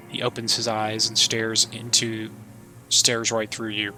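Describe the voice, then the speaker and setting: Bright-voiced man reading game narration. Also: lowish voice, monotone, measured pace, slight background noise. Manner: reads every part himself. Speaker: let's player.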